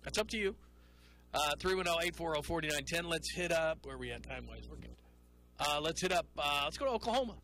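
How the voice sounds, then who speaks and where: A man hosting a call-in sports radio show, talking in an animated, rambling way and mocking people in put-on voices. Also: a little high, fast talker, rough recording.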